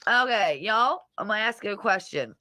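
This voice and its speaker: Loud foul-mouthed woman streamer, bright sharp voice, jumps all over in pitch, dry close sound. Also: expressive, moderate pace, no echo. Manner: brash, profane, mocking. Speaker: livestream host. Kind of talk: casual livestream chat reading comments.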